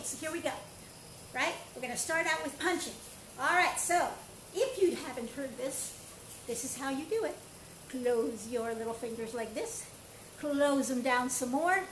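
Upbeat high-voiced woman coaching a class. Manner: upbeat, playful, coaching with counts and shouts. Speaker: karate and movement instructor. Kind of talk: live online exercise class. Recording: echoey room with faint ambient noise.

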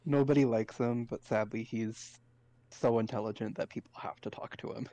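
A man in casual chat, brainstorming game characters in a relaxed, amused way. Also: medium pitch, normal speed.

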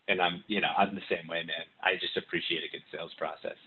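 Lowish guy rambling about car dealers, lots of likes and ums, sounds like he's on a phone line. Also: steady tone, brisk, slight background noise. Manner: rambling, many fillers and restarts. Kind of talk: casual podcast chat.

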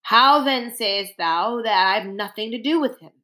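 A woman's voice: on the high side, moderate pace, sharp tone. Woman doing an earnest young soldier. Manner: earnest, formal, old-fashioned speech. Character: young earnest male soldier, proud and devout.

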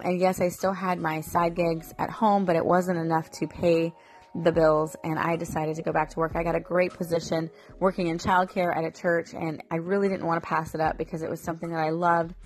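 A mother vlogger in her thirties tells her viewers a heartfelt story about her family, her somewhat low voice emotional and meandering, with lots of fillers and false starts. Faint, soft music sits in the background.

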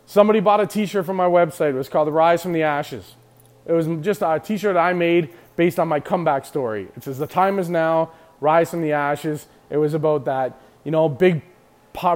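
Man, emotional motivational talk to camera, a bit high-voiced, emphatic, restarts often. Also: a little fast, a little mellow. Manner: fired-up and emphatic, repeating himself with many restarts. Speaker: clothing brand owner speaking to viewers.

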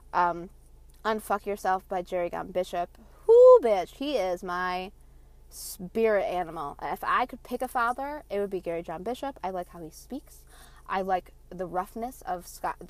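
A woman ranting casually in a vlog, cursing freely and telling a story about her loud mother. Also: mid-range voice. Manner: profane, animated storytelling with loud imitations. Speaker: vlogger. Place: in her parked car.

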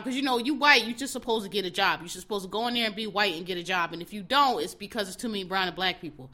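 A woman's voice: medium pitch, quick pace, few pauses, pushed and bright. A woman hosting her podcast alone, talking bluntly and with animation straight to her listeners. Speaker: podcast host. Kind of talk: casual solo commentary.

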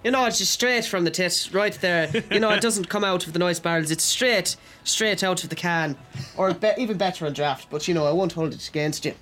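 A man's voice: high voice, a little fast, bright, forceful tone. A man with an Irish accent, co-hosting a podcast in a chatty, joking, rambling way. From Ireland. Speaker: podcast co-host. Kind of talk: casual chat.

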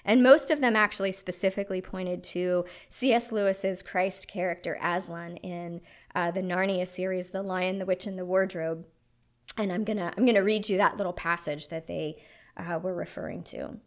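A woman's voice: fairly low pitch, fairly even intonation, moderate pace. Earnest woman preaching a sermon. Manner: earnest, reflective storytelling.

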